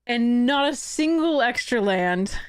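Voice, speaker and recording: A young woman talks through a card game on her livestream, her slightly high voice full of frustration. She swears and laughs in exasperation as the game goes against her. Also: animated, takes it slowly, clean tone. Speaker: streamer.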